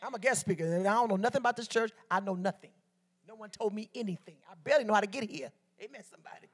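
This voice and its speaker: A woman from Detroit, speaking very fast in a medium-pitched, slightly rough voice, delivers a sermon as a visiting preacher. She prompts the congregation to answer back and slips in stories throughout.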